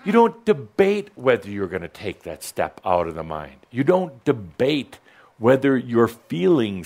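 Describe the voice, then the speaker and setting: Lively, teasing male spiritual teacher. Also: medium pitch. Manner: teasing, joking, often laughing mid-phrase; leads the audience in call-and-response. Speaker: spiritual teacher channeling to a live audience. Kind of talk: playful spiritual talk. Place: live gathering with an audience.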